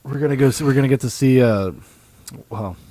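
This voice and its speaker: A man co-hosting a podcast, chatting casually about films in an animated way, swearing freely and laughing often. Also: medium pitch, fairly quick. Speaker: podcast co-host. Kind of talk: casual film discussion.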